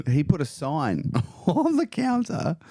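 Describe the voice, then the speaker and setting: A man's voice: fairly high pitch, takes it slowly, slightly rough, no room sound, clean studio sound. A young South African man, a podcast guest, telling stories in casual chat, swearing freely and tripping over his words. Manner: swears freely, animated rambling storyteller, stumbles over words.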